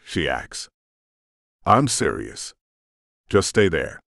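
A man reads a first-person audiobook in a very low voice with lively intonation. His delivery is tense and dramatic. The recording is dry and close, made in a booth. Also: a little slow, dry recording. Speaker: audiobook narrator.

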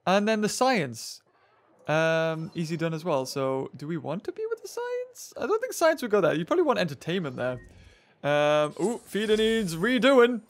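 A young man narrates his gameplay in a high, bouncy voice that swoops up and down as he chatters to himself. He hosts a gaming channel and keeps his commentary casual and excitable. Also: normal speed.

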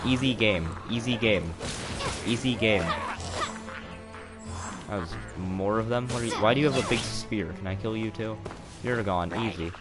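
A man live-streaming a video game, rambling sarcastically and bursting out excitedly during fights. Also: lowish voice, normal speed, pauses often. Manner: sarcastic, self-mocking rambling with excited outbursts. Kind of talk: live gameplay commentary. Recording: game music playing under voice. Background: game music.

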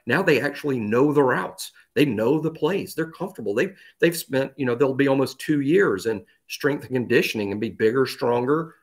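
A man co-hosting a sports podcast, chatting casually and animatedly, often repeating words as he thinks. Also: mid-range voice. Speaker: podcast co-host.

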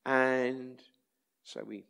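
During a church talk, a street chaplain with an English accent shares personal anecdotes extremely slowly, his medium-pitched voice level, smooth, a bit bright, and touched with vocal fry. He tells the stories conversationally and performs quoted voices.

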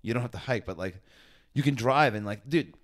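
A man's voice: medium pitch, a little fast. A man co-hosting a podcast, telling a travel story in a laid-back, profane way with lots of "dude" and "man". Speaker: podcast co-host. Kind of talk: casual chat.

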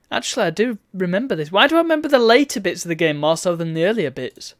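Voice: mid-range voice, animated, quick pace, hardly any pauses, no room sound, clean studio sound. A game streamer giving chatty, wry let's-play commentary and reading on-screen text aloud.

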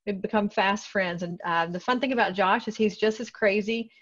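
A woman's voice: mid-range voice, moderate pace. Bubbly woman host, muffled call audio. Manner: bubbly and upbeat, with casual slang. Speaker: webinar host. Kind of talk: casual webinar hosting.

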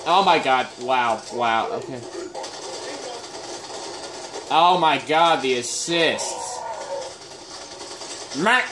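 A man's voice: medium pitch, expressive, drawn-out words, long pauses, noisy background. A man giving casual live gameplay commentary, chatting and reacting aloud with sudden exclamations and muttered groans.

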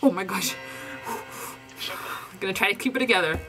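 A woman reacting live to a broadcast, excitable and emotional, gasping and sighing often and sounding close to tears. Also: medium pitch, moderate pace, over music, low-quality recording. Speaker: reaction vlogger.

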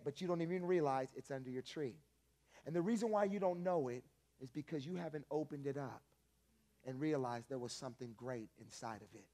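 A man's voice: on the high side, warm tone. A male pastor preaching a sermon in a conversational, emphatic storytelling manner.

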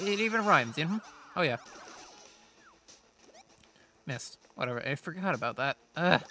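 Male let's-play host, slightly high voice, rambling self-deprecating gameplay chatter over faint game music. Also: sharp tone. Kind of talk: casual gameplay commentary.

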